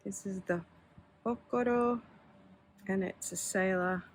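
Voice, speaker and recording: A woman's voice: mid-range voice, steady tone, slow pace, slight background noise. A woman, chatting casually and candidly as she shows her pens, with filler words and small laughs. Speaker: pen hobby vlogger. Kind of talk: casual show-and-tell.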